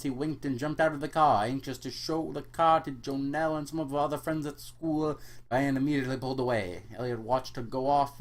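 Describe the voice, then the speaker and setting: Guy reading a cheesy novel out loud, deadpan, mid pitch. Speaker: host and reader. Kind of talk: mock-serious comic book reading.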